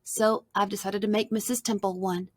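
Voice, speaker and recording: A woman reading aloud voicing a gentle, loving mother in a storybook, close to her own voice. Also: mid-range voice, flat delivery, moderate pace, lightly acted. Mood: explaining.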